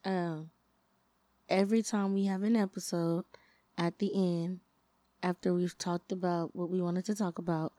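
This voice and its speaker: Blunt young woman, mellow low voice. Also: flat delivery, a little slow, no room sound. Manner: blunt, brash, profane. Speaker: podcast co-host. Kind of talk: casual chat.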